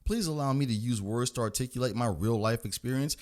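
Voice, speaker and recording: A man delivering a profane, emphatic rant to camera, swinging between loud outbursts and low growls. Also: fast. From United States. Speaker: vlogger. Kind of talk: ranting monologue to camera. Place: indoors in front of a large flag.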